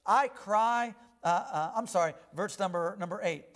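A man preaching a sermon, reading scripture aloud slowly and with rising emphasis between plain explanations. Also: high voice, fairly bright tone.

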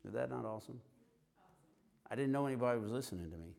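Guy preaching, telling his testimony story, gets animated and acts out the quotes, mid pitch. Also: quick pace, gravelly. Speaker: street preacher.

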